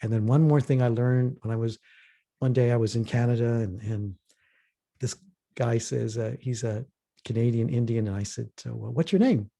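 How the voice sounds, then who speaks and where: Leading a reflective workshop dialogue, a male facilitator earnestly tells stories and acts out the voices of the people he quotes. His mid-range voice is creaky and dark-toned, moving at a normal speed.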